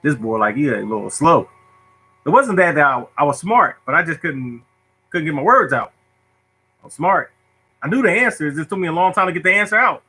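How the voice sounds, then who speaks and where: A man hosting a lottery show, casually telling stories to viewers in an animated, joking, self-mocking way. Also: fairly high pitch, a little fast, husky, low-quality recording.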